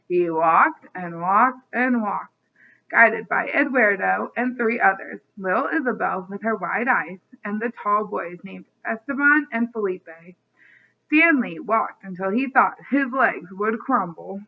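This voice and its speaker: A woman, a kindergarten teacher, reading a storybook aloud and pausing to explain it to the children, heard over a tinny phone-like line. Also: medium pitch, creaky.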